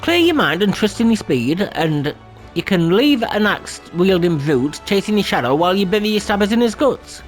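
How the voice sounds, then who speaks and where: A man voicing a cocky, small male rogue mentor with a put-on accent and rough, slangy coaching talk. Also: high voice, lively intonation, fairly quick, a bit bright, faint music behind.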